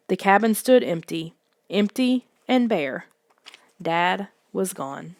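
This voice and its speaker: A woman narrates a children's suspense story, reading softly with a hushed, tense hold on the quiet moments. Her voice sits at a middle pitch, and the recording is bone-dry and close with no room sound. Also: lively intonation, slow, creaky, no echo. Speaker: audiobook narrator. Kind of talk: scripted audiobook narration.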